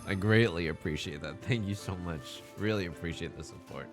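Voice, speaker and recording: A man's voice: low voice, brisk, faint music behind. A man chatting casually on a live stream, greeting viewers and talking while he eats. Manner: upbeat, greets chatters, talks while eating.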